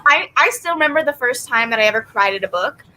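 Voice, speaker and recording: A woman with a high, sharp voice chats on a video call. Her pitch swings widely, and she talks expressively and laughs often. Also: expressive, quick pace, rough recording. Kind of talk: casual chat.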